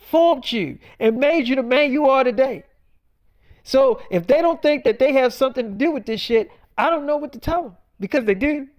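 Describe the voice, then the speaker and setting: A man delivering a blunt, profane freestyle monologue, preaching in loose, repetitive bursts. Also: very high-pitched. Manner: preachy, blunt, swears heavily, rambling repetitions. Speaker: self-styled prophet vlogger.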